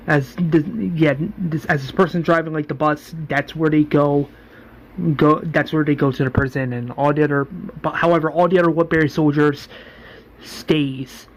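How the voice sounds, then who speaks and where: A man's voice: a little high, low-quality recording. A man casually retelling a story, rambling and often restarting his sentences.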